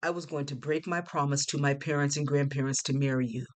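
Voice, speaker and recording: A woman's voice: deep voice, fairly even intonation, fast, close to an everyday voice. A woman reading the lines of a resentful young man, an ex-lover who sneers in bitterness. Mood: aggrieved. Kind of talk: audiobook character reading.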